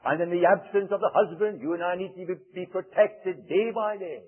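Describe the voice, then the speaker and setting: A man preaching a sermon in a solemn manner, quoting archaic scripture with dramatic pauses. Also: sits high. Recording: tinny phone-like recording.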